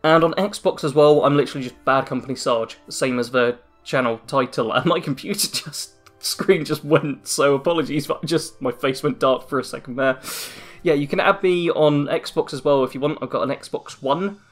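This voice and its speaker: A man's voice: a little high, moderate pace, soft background music. A young man hosting a casual end-of-year channel update from a dim room at home, rambling with self-mocking jokes. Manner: rambling, self-deprecating, jokey asides. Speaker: YouTube channel host. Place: dim room at home after a work shift.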